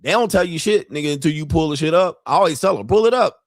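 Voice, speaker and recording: A man's voice: fairly high pitch, fast, no echo, clean studio sound. A man hosting a casual live stream, ranting with profanity and jokes and acting out the voices of the people he quotes. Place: home studio.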